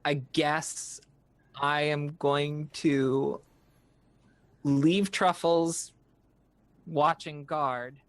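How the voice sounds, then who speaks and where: A man's voice: fairly high pitch, fairly even intonation, extremely slow, pauses often, a bit bright, no echo. Tentative male player thinking aloud. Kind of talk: playing a tabletop game on a live stream.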